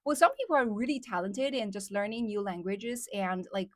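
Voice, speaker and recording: A woman's voice: mid-range voice, moderate pace, dry recording, studio quality. A young woman from China with a Chinese accent, chatting casually on her live stream with many fillers. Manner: chatty, many fillers, reads out viewer comments.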